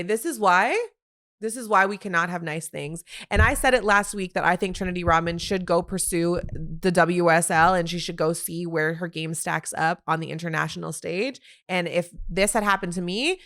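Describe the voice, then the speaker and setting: A woman hosting a solo sports podcast, talking in an animated, opinionated way with quick asides. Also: on the low side. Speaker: podcast host.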